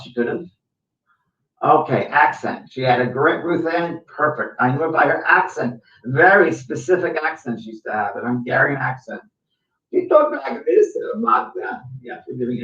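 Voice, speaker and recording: Chatty middle-aged psychic host, echoey. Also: male voice, mid-range voice, a bit bright. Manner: chatty, affirming, storytelling. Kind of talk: live stream reading comments. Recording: echoey, distant, dull sound.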